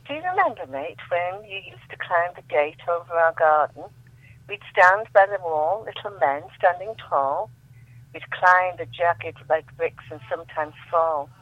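A woman on the phone reading her poems aloud with measured, emphatic delivery. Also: on the low side, lively intonation, no room sound. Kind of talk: poetry reading over the phone. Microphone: telephone. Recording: tinny dry phone line.

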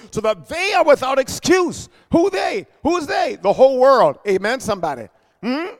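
Preacher, male, high voice, emphatic sermon delivery, long hall reverb. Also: smooth. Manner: emphatic, calls for amens, swings from shouting to hushed.

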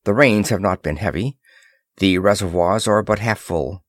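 Dude doing a slow, grave underground alien chief, low voice, very dry. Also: male voice, dry recording. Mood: solemn. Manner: slow, grave, formal speech. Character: solemn male alien chief of an underground people.

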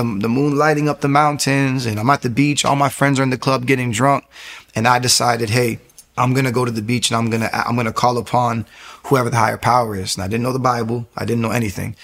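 A man in his thirties giving a personal faith testimony, talking fast, restarting phrases and growing louder and higher at emotional peaks. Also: creaky. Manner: fast, rambling storytelling with frequent restarts.

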